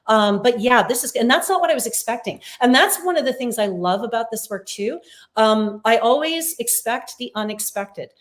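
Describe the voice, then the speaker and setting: A woman's voice: on the high side, animated, moderate pace. A woman, a psychic medium, talking casually in an interview over a video call and telling stories with plenty of fillers. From Canada. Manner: chatty, warm storytelling with many fillers.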